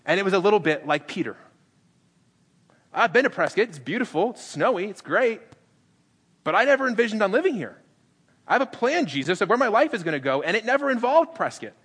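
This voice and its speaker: A man's voice: sits high, very animated, a little fast, long pauses, a bit bright, husky, long reverb tail. A middle-aged man preaching a sermon as pastor, conversational and playfully acting out dialogue. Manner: conversational, acts out dialogue with humor. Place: church sanctuary.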